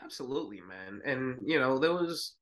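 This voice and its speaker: A man's voice: medium pitch, lively intonation, moderate pace, a bit bright. A man co-hosting a boxing podcast, talking in a laid-back, profane way full of filler words. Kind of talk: casual chat.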